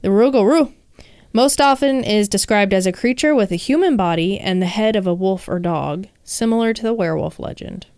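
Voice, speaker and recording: A woman's voice: medium pitch, fairly quick, a little mellow, clear, resonant tone, no echo, clean studio sound. A woman co-hosting a casual chat, reading folklore aloud with playful jokes. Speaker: podcast co-host.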